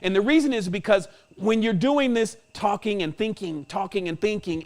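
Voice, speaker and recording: High-voiced man musing on meditation. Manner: slangy, emphatic, chuckles often. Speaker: podcast host. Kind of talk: spiritual podcast monologue.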